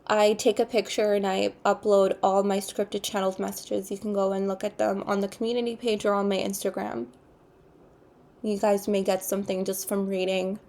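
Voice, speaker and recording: A woman giving an intuitive tarot card reading, speaking in an unhurried, earnest way and repeating her spiritual phrases. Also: mid-range voice, flat delivery, gravelly, a little mellow. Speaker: tarot reader.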